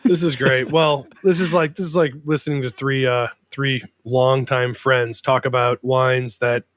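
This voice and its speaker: A man's voice: medium pitch, steady tone, a little slow, no echo. Man hosting a casual podcast, dry sound. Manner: warm, joking, openly sentimental. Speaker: podcast host.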